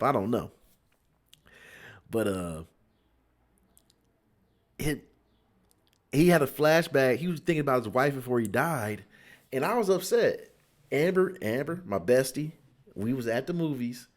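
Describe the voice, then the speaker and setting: A man's voice: mid-range voice, very animated, measured pace, long pauses. A young man from Cincinnati reviewing a movie in a casual, rambling way, repeating words and acting out his friends' lines.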